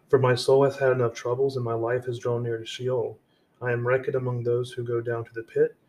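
A podcast host with a medium-pitched, slightly mellow voice and little pitch movement speaks briskly over a faint hiss or hum. On his devotional show he reads scripture verses aloud, then paraphrases them casually, often restarting his sentences.

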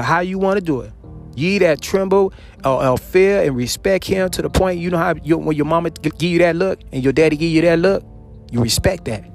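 A man with a fairly high voice preaches with fervor, repeating phrases and calling out hallelujah again and again. He swings between ringing calls and low, hushed murmurs. Soft music plays faintly behind him. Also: vocal fry. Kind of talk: sermon on scripture.

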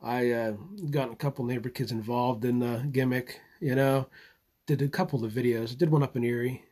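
A man rambles live to his channel, stopping and restarting his sentences and repeating words as he gathers his thoughts. He chuckles now and then and keeps his tone easy and unscripted. His voice sits at a middling pitch. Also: fairly even intonation, moderate pace, mellow. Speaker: channel host. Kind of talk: casual live monologue.

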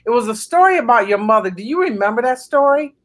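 A woman's voice: fairly high pitch, animated, quick pace. Woman podcast host on a video call. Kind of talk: casual interview chat.

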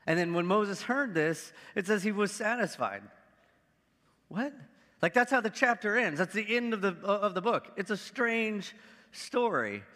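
A man's voice: high voice, expressive, unhurried, sharp tone, in a large hall. A man, a pastor with kids, giving a casual sermon and reading scripture aloud, talking loosely with lots of "like" fillers. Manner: conversational, many "like" fillers.

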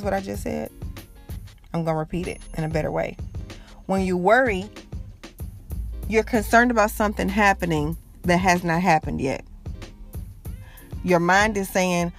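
A woman hosting a podcast, giving an encouraging faith talk in a preachy, repetitive way that speaks straight to listeners. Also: medium pitch. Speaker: podcast host.

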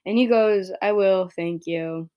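Her voice mid-pitched, dark, clear and resonant, a young podcast host talks at a measured pace in a rambling, casual monologue. She leans on "like" and "right?", curses freely, and grows heated when annoyed.

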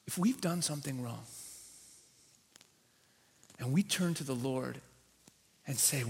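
A man, a rabbi, preaching a sermon in a church, teaching with animated emphasis and acting out quoted voices. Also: medium pitch, slow, gravelly, long pauses.

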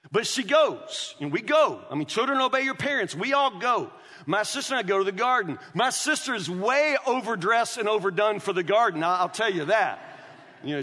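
A man's voice: high-pitched, sharp tone. A man, a pastor telling a story in a sermon and calling the crowd "y'all.". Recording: reverberant hall.

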